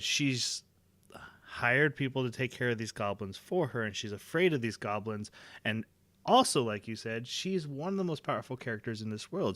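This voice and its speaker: Male co-host, bright forceful tone, dry close mic, casual analytical chat. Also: medium pitch, dry recording. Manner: thoughtful, restarts phrases while working out ideas. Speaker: anime discussion co-host.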